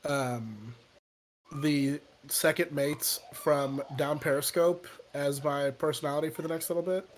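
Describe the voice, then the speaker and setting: A man playing a tabletop game, talking briskly and acting businesslike in character. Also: a little high, steady tone, slight background noise. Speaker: player.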